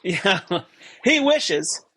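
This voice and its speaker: A man's voice: high voice, very animated, drawn-out words, bright, forceful tone, husky, no room sound. A man in his thirties, a guest on a podcast, chatting casually in a rambling, stop-start way. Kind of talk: casual conversation.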